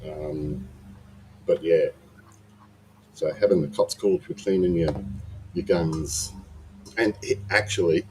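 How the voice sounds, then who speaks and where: Slow, deep-voiced man. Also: a little mellow, slight background noise. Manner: rambling, with frequent restarts. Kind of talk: casual chat.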